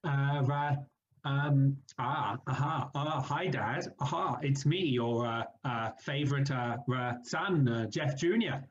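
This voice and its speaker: A man's voice: mid-range voice, takes it slowly, highs cut off, close to an everyday voice. A man playing a nervous grown son who stammers through fillers in a live improv comedy scene. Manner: hesitant, full of stammers and fillers. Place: live stage show.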